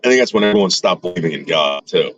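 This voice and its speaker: Rambling man telling a story, low voice. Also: quick pace, a bit bright, dull audio, slight background noise. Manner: rambling, lots of fillers and restarts; acts out quoted relatives with voice shifts. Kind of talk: casual storytelling.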